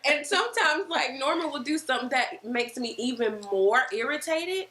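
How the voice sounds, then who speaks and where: A woman co-hosting a casual podcast chat, telling stories in an animated way and acting out the lines people said. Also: high voice, moderate pace. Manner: animated storyteller who acts out quoted lines. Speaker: podcast co-host. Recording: roomy echo.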